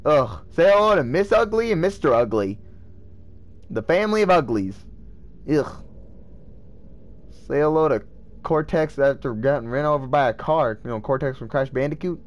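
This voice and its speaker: A man giving casual gameplay commentary, excitable and swearing as he talks to himself. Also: mid-range voice, normal speed, pauses often. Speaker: let's play gamer.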